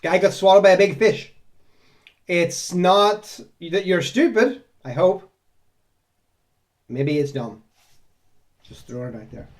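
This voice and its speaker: In a high, slightly mellow voice, the ex-Jehovah's Witness vlogger goes through viewer comments, reading each one and replying sarcastically. His casual commentary wanders and is broken up by frequent laughter.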